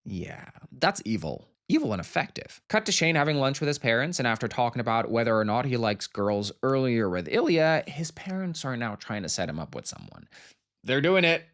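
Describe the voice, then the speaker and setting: A man hosting a casual commentary video at home, campy and animated, swinging from loud bursts to low mutters. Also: brisk. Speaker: video essay host.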